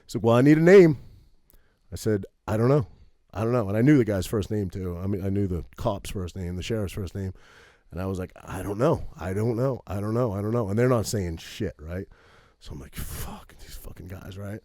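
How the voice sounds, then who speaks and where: A man's voice: lowish voice, brisk, no echo, clean studio sound. A man telling a long story on a podcast in a casual, profane way, tagging his sentences with "right?". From Maine. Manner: profane, animated storytelling with many "right?" tags. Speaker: podcast co-host.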